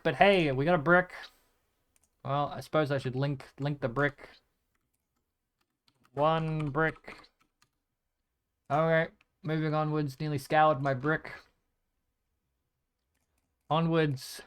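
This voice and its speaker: A man's voice: fairly high pitch, fairly even intonation, slow pace, long pauses, smooth. A male gaming streamer giving casual gameplay commentary, muttering repeated item names as he clicks and swearing often.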